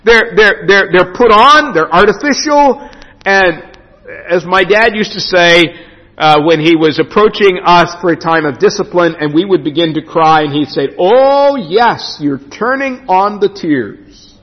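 A man preaching a sermon as pastor in a church, emphatic with dramatic pauses. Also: high-pitched, sharp tone. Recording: dull lo-fi sound with long hall reverb.

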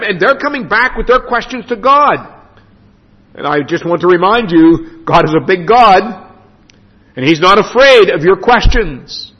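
A man preaching a sermon as pastor in a church, emphatic with dramatic pauses. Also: high voice. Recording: dull lo-fi sound with long hall reverb.

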